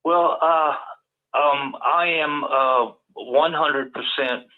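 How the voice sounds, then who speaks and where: A man with a Cajun Southern accent, a guest on a call-in show, talking in halting bursts full of repeated words. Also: mid-range voice. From Louisiana, US South. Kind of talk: casual call-in talk. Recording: tinny phone-line audio.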